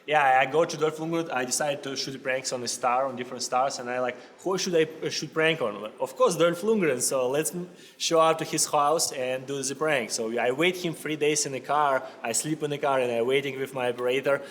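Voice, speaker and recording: A man's voice: medium pitch, a little fast, hardly any pauses, a bit bright. A man with a Russian accent, a talk show guest telling stories animatedly in broken English and laughing often. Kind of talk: casual chat. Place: studio with long reverb. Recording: reverberant studio sound.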